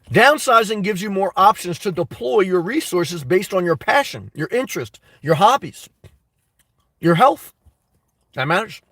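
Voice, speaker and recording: Far from the mic but with no room sound, a man hosting a casual live stream responds to viewer comments. He is emphatic, restates his points, and laughs between remarks, his voice high and a bit bright.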